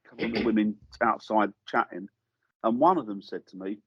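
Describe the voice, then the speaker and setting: A husky-voiced man is a guest in a studio, telling a story in a relaxed, conversational way. He acts out the voices of the people he quotes. The sound is close and dry, with a slightly dull edge. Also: fairly low pitch, fairly quick, no echo. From England. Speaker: guest paranormal investigator. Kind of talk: casual storytelling anecdote.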